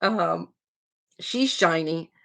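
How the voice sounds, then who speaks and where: A woman's voice: lowish voice, very slow, creaky, a bit bright. A middle-aged woman hosting a casual live stream, chatty and rambling, laughing often between stories and peppering her talk with "like". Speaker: livestream host. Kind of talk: casual chat to a live chat audience.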